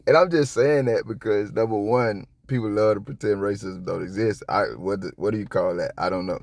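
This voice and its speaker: A man giving casual reaction commentary on a police video, rambling and profane, with sudden high-pitched outbursts. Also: steady tone, brisk, creaky, darkish tone, dry recording, studio quality. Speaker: copwatch commentator.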